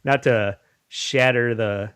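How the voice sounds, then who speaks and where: A man's voice: medium pitch, fairly even intonation, slow pace, a bit bright, smooth, no room sound. A man hosting a podcast in casual chat, rambling and often laughing. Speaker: podcast host.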